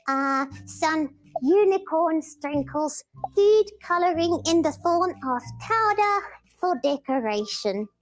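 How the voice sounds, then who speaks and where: A woman ventriloquist voicing a cheeky, bossy pink puppet girl, who keeps butting in. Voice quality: squeaky high puppet voice. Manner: bossy, interrupting, demands attention.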